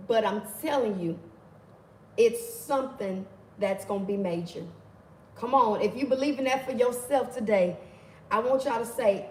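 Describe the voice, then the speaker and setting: A woman hosting a live stream, greeting viewers by name in an affectionate, animated way. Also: fairly high pitch. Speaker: livestream host. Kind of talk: casual live stream chat. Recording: echoey room with faint ambient noise.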